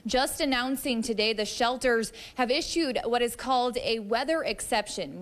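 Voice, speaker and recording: A woman's voice: fairly high pitch, fairly bright tone. Woman reporting live from the field. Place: outdoors at a downtown shelter.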